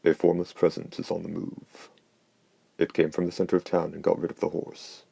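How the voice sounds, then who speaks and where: A man voicing a cool, terse vampire hunter in an audiobook, with quiet, clipped lines. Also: sits low, completely flat delivery, normal speed, gravelly, slightly rough, dry recording, full character voice. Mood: calm. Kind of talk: audiobook character voice.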